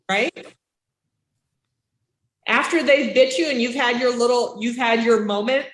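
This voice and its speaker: Chatty woman lecturing in an echoey classroom. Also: a little high. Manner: lively, acts out reactions with gasps and voices. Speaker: child development instructor. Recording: roomy classroom echo.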